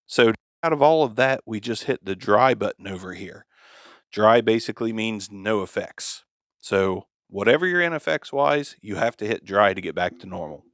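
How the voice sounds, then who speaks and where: A man's voice: fairly low pitch, expressive, moderate pace, a bit bright, dry recording. A man reviewing an audio device, thinking aloud in a casual, hesitant way on a studio microphone in a home studio. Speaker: gear reviewer. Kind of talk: casual product demonstration. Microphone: XLR microphone on boom arm.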